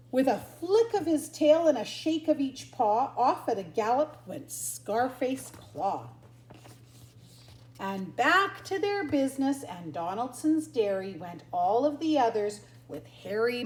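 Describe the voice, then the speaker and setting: An older grandmother reading a picture book aloud to her grandchildren in a lively sing-song manner. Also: a little high. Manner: sing-song, lively storyteller, barks and yips for the dogs. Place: at home. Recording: roomy echo.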